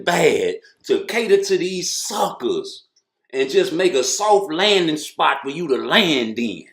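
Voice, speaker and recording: A man's voice: on the high side, very animated, unhurried, vocal fry, roomy sound. A man giving blunt, profane, mocking commentary in a ranting style. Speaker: boxing commentator.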